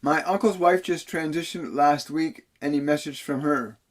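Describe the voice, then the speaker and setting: A man's voice: on the high side, normal speed. A man working as a spiritual medium, reading viewer questions on a live stream and answering them earnestly, often repeating key phrases. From Canada.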